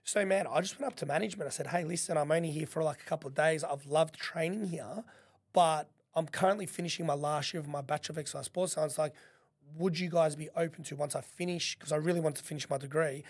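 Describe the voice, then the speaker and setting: Fast-talking Australian man telling stories. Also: on the high side. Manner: animated, swears freely, acts out quotes. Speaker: podcast guest. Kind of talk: casual storytelling.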